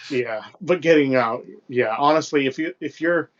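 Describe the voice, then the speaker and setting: A man's voice: on the high side, normal speed. A young man co-hosting a podcast in casual, rambling chat, loose and profane with plenty of fillers. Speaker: podcast co-host. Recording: dull lo-fi podcast mic.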